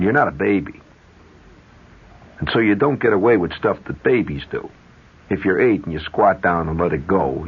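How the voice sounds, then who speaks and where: A husky male radio host whose voice leaps up and down as he spins a rambling yarn and breaks off for asides. The sound is dull and muffled, like an old 1970s radio broadcast. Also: deep voice. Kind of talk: storytelling monologue on radio.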